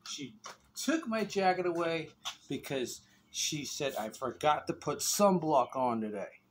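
A man's voice: on the high side, expressive, measured pace, slight background noise. A man vlogging outdoors on his phone while doing yard work, chatting and rambling to his viewers and laughing often. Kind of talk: casual chat to viewers. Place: outdoors in a neighborhood yard, windy. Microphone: phone camera.

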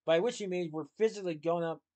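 A man's voice: high-pitched, fast, a little mellow, pitched above the performer's own voice, lightly acted. Man reading doing a snooty know-it-all crook, always correcting people. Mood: pedantic. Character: pedantic, snobbish male cartel member.

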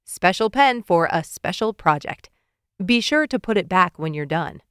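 A woman's voice: on the low side, expressive, moderate pace, clear, resonant tone, no room sound, studio quality, close to an everyday voice. A woman voicing a tired, good-humored father in an audiobook. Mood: friendly.

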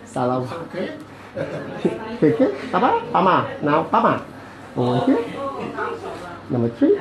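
A man with a Malaysian English accent talks unhurriedly as a bone-setting practitioner, counting out each step. His pitch jumps around animatedly, with playful sound effects thrown in. The room is echoey, and a crowd can be heard clearly behind him. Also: wildly swooping pitch, slow. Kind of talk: commentary while treating a patient.

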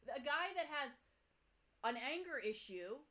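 Co-host, female, high pitch, blunt exasperated recap chatter. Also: big pitch swings, a little slow, pushed and bright. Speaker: podcast co-host. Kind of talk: casual reality TV recap chat.

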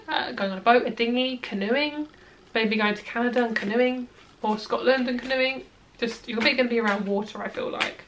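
A woman's voice: a little high, a bit bright, a little hiss or hum. A young woman giving a casual tarot reading to her viewers, chatty and reassuring, with plenty of "like" and "um" fillers. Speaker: tarot reader.

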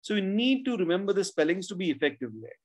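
A man's voice: sits high, expressive, fast, darkish tone. A man teaching a spelling class over a video call, explaining rules step by step, correcting students and mixing in Hindi. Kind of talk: online class lesson.

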